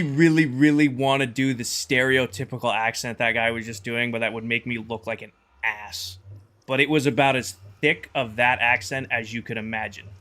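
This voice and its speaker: A man's voice: medium pitch, pushed and bright. A man streaming a game live, chatting casually, thinking aloud as he sorts items and greeting viewers in chat.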